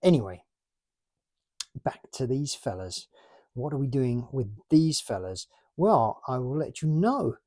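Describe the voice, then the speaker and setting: A man's voice: medium pitch, mellow. A man in his late forties from the UK, chatting casually and rambling about his toy collection. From United Kingdom. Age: 40s. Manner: rambling, chatty, self-mocking.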